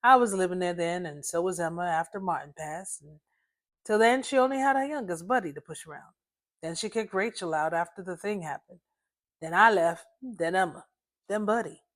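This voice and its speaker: A woman's voice: on the low side, moderate pace, lightly acted. A woman voicing Uncle, a blunt, wry old man telling family history in a story reading. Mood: recounting.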